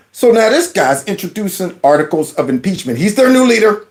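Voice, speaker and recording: A man hosting a political commentary vlog, mocking a clip with sarcastic asides and repeating its words back. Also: brisk. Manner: animated, swings from loud jabs to low mutters. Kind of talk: reaction commentary on a video clip.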